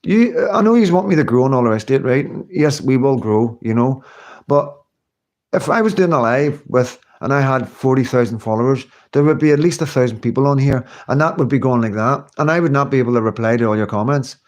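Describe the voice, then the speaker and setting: A man's voice: mid-range voice, a little fast, darkish tone. A man talks straight to his viewers on a live stream in an unscripted, rambling way, circling back over the same points. He sounds earnest, swears casually, and breaks off to answer their comments. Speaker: livestream host.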